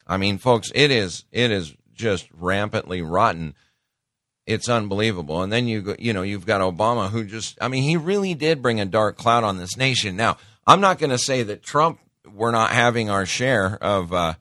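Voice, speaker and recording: Middle-aged male host, sarcastic ranting monologue, dry close mic, mid-range pitch. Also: fairly bright tone, no echo. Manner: sarcastic, ranting, mocking quotes. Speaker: political talk host. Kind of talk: opinionated political monologue.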